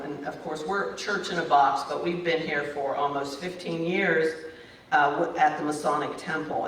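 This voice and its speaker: A woman's voice: sits low, fairly bright tone, slight background noise. A woman giving cheerful church announcements as a practitioner, upbeat and enthusiastic. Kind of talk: casual announcements. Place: church meeting hall. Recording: echoey hall, mic at a distance.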